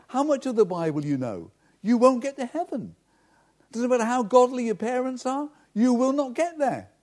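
A man's voice: high-pitched, mellow. A man, a pastor preaching a sermon directly and earnestly to his congregation.

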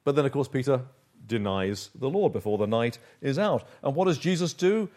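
A middle-aged man preaching a sermon, dropping to quiet low asides and rising to emphatic points. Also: animated, normal speed. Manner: shifts between soft, low asides and emphatic, raised points.

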